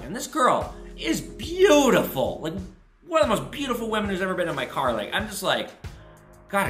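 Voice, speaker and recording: A bright, forceful male voice with a lively, swooping pitch, telling stories casually and cursing freely. The room around him rings with echo, and faint music plays under him. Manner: animated, profane, jumps to high pitch for quoted voices. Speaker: host answering viewer questions. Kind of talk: casual storytelling monologue.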